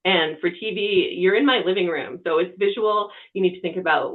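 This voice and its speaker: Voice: medium pitch, normal speed. TV reporter giving tips over tinny audio. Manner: conversational, talks with hands. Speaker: TV reporter presenting a webinar. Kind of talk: practical media-training talk. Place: quiet room. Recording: tinny phone-like webinar audio.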